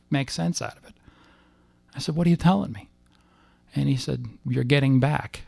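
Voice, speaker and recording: A man recounting a personal experience as testimony, halting and emotional, with frequent restarts. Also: mid-range voice, gravelly, darkish tone, no room sound. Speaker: storyteller.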